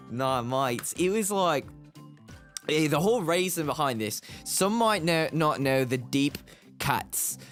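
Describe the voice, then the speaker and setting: A man's voice: a little high, expressive, a little slow, soft background music. A young American man streaming, rambling and chatty, laughing often as he talks. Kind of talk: casual livestream chat.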